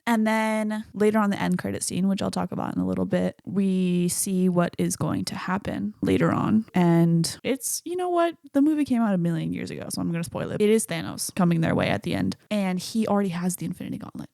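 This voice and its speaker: A woman's voice: fairly low pitch, expressive, brisk, creaky, hardly any pauses, dark tone, dry recording, clean studio sound. A woman hosting a podcast, chatting casually about a film, swearing freely and acting out quotes. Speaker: podcast host. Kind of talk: casual solo film commentary.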